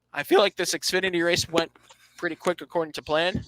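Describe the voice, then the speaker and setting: Reading standings aloud on his laid-back motorsport podcast, this host gives his takes with dry sarcasm and frequently restarts phrases. He's high-pitched and a bit bright. The recording is dry and the audio poor.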